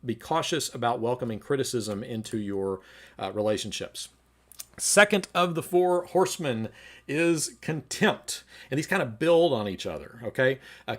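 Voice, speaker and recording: A man teaching a relationships class at church in a relaxed, conversational way, reading viewer comments and acting out short argument examples. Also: mid-range voice. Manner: conversational, acts out quoted arguments. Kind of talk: livestreamed teaching talk.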